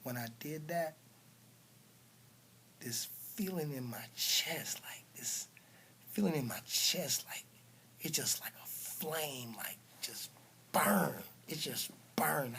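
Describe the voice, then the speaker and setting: A man telling a personal story, dropping to hushed whispers and then bursting out loud with punch sounds. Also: medium pitch, expressive, slow, slight background noise.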